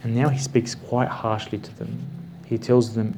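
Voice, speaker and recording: A man teaching a Bible class, explaining the passage with slow, emphatic stresses and repeated words. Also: mid-range voice, little pitch movement, vocal fry, darkish tone, a little hiss or hum.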